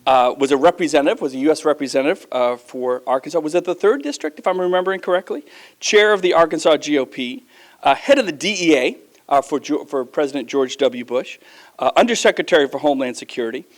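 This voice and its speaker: A man speaking at an event, animated and joking, his fairly high voice leaping up in pitch. He talks to a breakfast crowd like an upbeat host warming them up. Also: fast. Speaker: guest speaker introducing a governor. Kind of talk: lively speech to a breakfast audience. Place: event room with audience.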